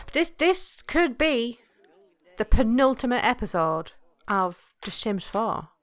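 A woman giving crude, excitable commentary while playing a video game. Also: fairly high pitch, dry recording. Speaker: let's play gamer. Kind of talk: gameplay commentary.

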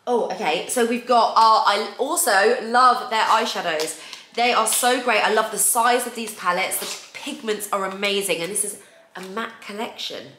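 A woman's voice: mid-range voice, moderate pace, pushed and bright. A woman in her thirties hosting a casual beauty unboxing, chatty and gushing over each product. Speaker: beauty vlogger host. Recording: echoey room with faint noise.

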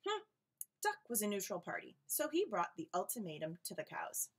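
A woman teacher reads a storybook aloud for kindergarteners, bringing each line to life. Her delivery is expressive and animated, and she stops now and then for encouraging little asides. Her voice sits at an ordinary middle pitch. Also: moderate pace, slight background noise. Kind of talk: read-aloud storytime for children.

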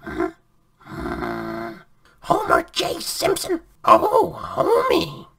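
A man voicing a fretful, gravelly-voiced cartoon mom in a high, raspy impression. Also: wildly swooping pitch, drawn-out words, a bit bright, full character voice.

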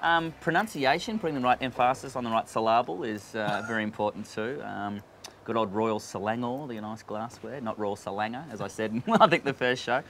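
A man's voice: a little fast, slight background noise. A man, a game show announcer, chatting casually and jokily in an interview at a coffee shop, now and then switching into a big announcer voice. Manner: relaxed, jokey, slips into booming announcer delivery.

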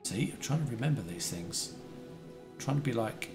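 A man's voice: mid-range voice, lively intonation, normal speed, gravelly, music in the background. A man from the UK chatting casually to his viewers while playing a building game on a live stream. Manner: chatty, talks to chat viewers, remembers their details.

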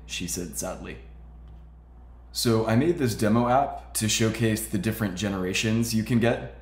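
A man hosting a casual tech tutorial, explaining steps in a relaxed way with frequent fillers. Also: lowish voice, roomy sound. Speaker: tutorial host.

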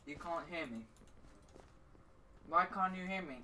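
Laid-back man, fairly high voice. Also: unhurried. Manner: laid-back, mumbles short replies while snacking. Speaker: co-streamer. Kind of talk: casual gaming chat. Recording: distant mic with steady background noise.

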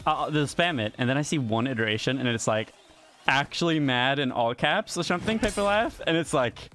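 A man streaming live in casual chat, excitable and profane. He keeps jumping into high, squeaky protests. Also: a little fast, soft background music. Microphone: gaming headset.

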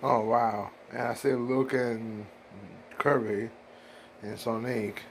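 A man's voice: mid-range voice, steady tone, slow, vocal fry, slight background noise. A man improvising a fan drama, talking with startled, jumpy outbursts.

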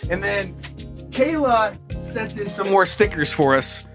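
Bright-voiced laughing podcast host, man. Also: sits high, sing-song, a little slow, soft background music. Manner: loud, laughing, shouts in goofy bits. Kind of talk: casual comedy podcast chat.

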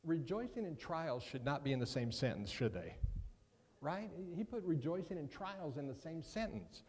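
A man's voice: on the high side, very animated, moderate pace, a little mellow, breathy edge. A man giving a guest sermon, talking conversationally with joking asides and often repeating his first words as he starts a sentence. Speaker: guest preacher. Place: church sanctuary. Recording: long reverb of a church hall.

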